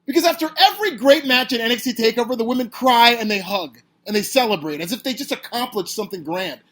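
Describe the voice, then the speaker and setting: A man hosts a podcast alone, ranting with sarcastic emphasis and often rising close to a shout. His voice is slightly husky, and the pitch swings in lively leaps from low grumbles to sharp peaks. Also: quick pace. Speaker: podcast host. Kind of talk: opinionated solo podcast rant.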